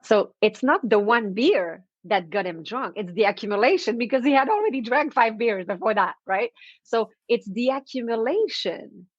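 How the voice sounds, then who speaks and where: A woman guest on a podcast interview, explaining with animated everyday scenes and frequent laughter. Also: a little high, normal speed, no room sound, lo-fi sound. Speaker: confidence expert guest.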